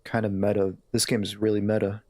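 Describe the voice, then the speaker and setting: A man's voice: on the low side, completely flat delivery, fairly quick, darkish tone, dry recording. A man live-streaming a game, chatting in a laid-back, easygoing way with his viewers. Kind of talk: casual live-stream chat.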